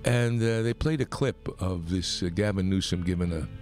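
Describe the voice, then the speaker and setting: A man from New York hosting a talk radio show, delivering a rambling, opinionated monologue that gets more animated as he goes. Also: normal speed, soft background music. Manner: animated, rambling, pitch climbs when worked up.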